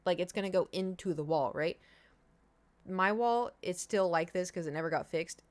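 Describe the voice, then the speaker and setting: A young woman streamer chatting casually with her viewers. Her voice sits a little low for a woman. She rambles and circles back, with plenty of "like" and "you know". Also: moderate pace. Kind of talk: casual chat.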